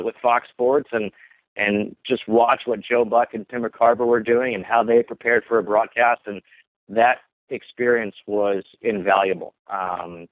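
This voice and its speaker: A man's voice: fairly low pitch, dry recording. A man who works as a sports broadcaster, casually telling stories about his career in an interview, with many ums and restarts. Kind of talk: relaxed interview answers. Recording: tinny phone line.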